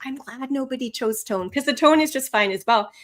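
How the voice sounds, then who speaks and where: A woman instructor teaching a live online lesson, animated and expressive, with swooping pitch and frequent laughter. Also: fairly quick. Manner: laughs often. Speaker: language test instructor.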